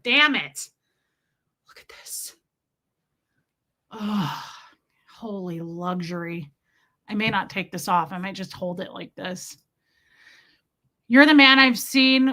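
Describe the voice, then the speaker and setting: Chatty woman vlogging, bright slightly high voice, jokey and dramatic. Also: slow pace, pauses often. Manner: chatty, self-mocking, bursts into loud dramatic outbursts. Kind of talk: casual chat.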